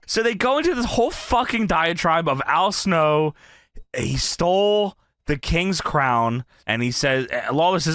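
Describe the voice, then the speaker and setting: A man's voice: on the high side, animated, unhurried, fairly bright tone, no echo, clean studio sound. A young man in a casual, profane chat, laughing as he retells scenes. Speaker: commentator.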